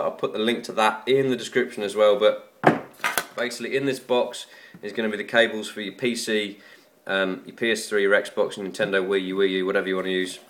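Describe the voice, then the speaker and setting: Male tech vlogger, chatty and self-deprecating, bright edge to the voice. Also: lowish voice, a little hiss or hum. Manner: rambling, chatty and self-mocking. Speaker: tech YouTuber. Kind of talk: casual unboxing vlog.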